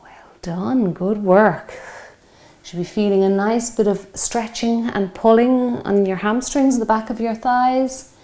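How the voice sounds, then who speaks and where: A woman's voice: a little high, fairly even intonation, slow, mellow. A woman, leading a home workout and coaching encouragingly while exercising, a bit out of breath. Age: 50s. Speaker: fitness instructor. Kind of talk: guided workout instruction.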